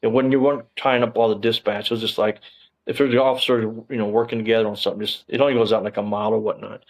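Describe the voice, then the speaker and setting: Rambling ex-cop telling war stories. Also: male voice, fairly low pitch, little pitch movement, rapid-fire, low-quality recording. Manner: rambling, many fillers, swears freely. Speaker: former police officer telling his story. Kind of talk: casual storytelling interview.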